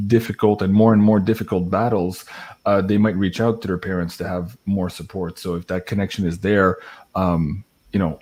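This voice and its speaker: A man hosting a livestream, asking measured questions with some fillers. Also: deep voice, darkish tone. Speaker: livestream host. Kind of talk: casual interview.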